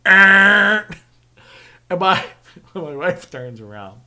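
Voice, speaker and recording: A man chats through a loose podcast monologue. His voice sits a little higher than most men's and has a bright, forceful edge. He wanders through his stories with constant fillers and easy swearing. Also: very animated, very slow, pauses often. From Western Pennsylvania. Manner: rambling, lots of fillers and swearing. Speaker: podcast host. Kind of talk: casual storytelling monologue.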